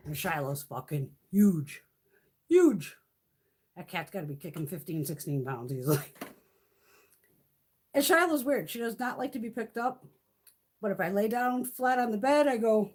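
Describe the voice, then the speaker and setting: Husky middle-aged woman chatting on a home live stream, swears a lot, pitch all over the place. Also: lively intonation, normal speed, pauses often. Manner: chatty, swears freely, coos at her cats. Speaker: beauty vlogger. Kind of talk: casual live-stream chat.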